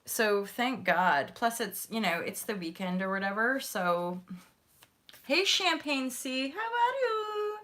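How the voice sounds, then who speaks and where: A woman hosting a live tarot reading, chatting warmly to viewers with gushing, animated, casual talk. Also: a little high, slow pace. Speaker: tarot reader and host.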